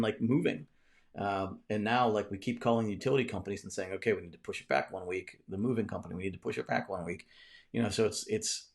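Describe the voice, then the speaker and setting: A man hosts a casual live stream from his home. His voice sits somewhat low, and he talks in a loose, rambling way, full of fillers and restarts, as he answers comments. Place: cluttered home room mid-move.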